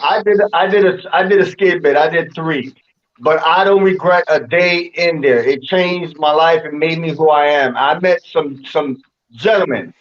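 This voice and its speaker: A young man speaking earnestly in casual chat, halting and repeating words as he goes. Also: a little high, dull audio.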